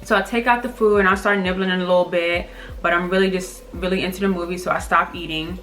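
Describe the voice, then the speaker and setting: A woman's voice: lowish voice, fast talker, soft background music. Sassy, blunt woman telling a story. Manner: sassy, blunt and animated, acting out quotes. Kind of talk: casual storytime vlog. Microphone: camera's built-in mic.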